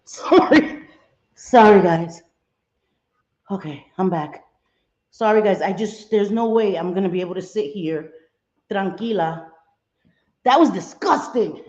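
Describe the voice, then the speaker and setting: A woman's voice: medium pitch, a little slow, pauses often, dark tone. A woman hosting a casual livestream from her home, chatting with viewers and mixing in Spanish exclamations. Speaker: livestream host. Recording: echoey room, dull lo-fi sound.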